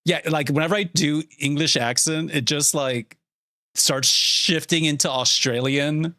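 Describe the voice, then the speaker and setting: A man's voice: on the high side, fairly even intonation, unhurried, pushed and bright, no echo, clean studio sound. A man streaming as he draws storyboards, chatting casually in a rambling way with frequent laughs. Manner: rambling, chatty, laughs often, heavy use of "like". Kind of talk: casual chat while drawing storyboards.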